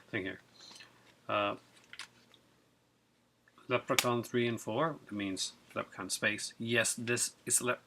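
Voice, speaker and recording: Gravelly, excitable man in a noisy recording. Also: mid-range voice. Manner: excitable, rambling with many fillers. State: cold after being out in the rain. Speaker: video host. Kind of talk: casual unboxing vlog.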